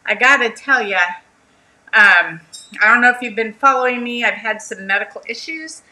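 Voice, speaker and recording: A woman's voice: on the high side, moderate pace, bright, forceful tone, poor audio. A woman hosting a casual craft livestream, chatting and greeting her viewers by name.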